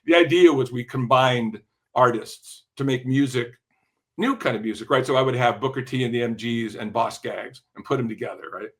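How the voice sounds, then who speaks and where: Bright-voiced, animated older storyteller man. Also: medium pitch, normal speed. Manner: lively, profane, keeps checking in with "right?". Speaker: music industry veteran guest. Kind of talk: animated anecdote-telling in a podcast interview.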